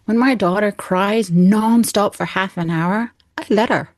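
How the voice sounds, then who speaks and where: A woman's voice: mid-range voice, unhurried, a little mellow, no room sound. A woman in her thirties, a coach speaking earnestly and expressively as an interview guest, often laughing. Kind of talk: heartfelt interview talk.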